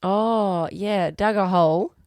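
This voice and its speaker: A woman's voice: medium pitch, slow, darkish tone, no echo. A woman co-hosting a podcast in casual chat, throwing in wry, dry quips. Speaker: podcast co-host.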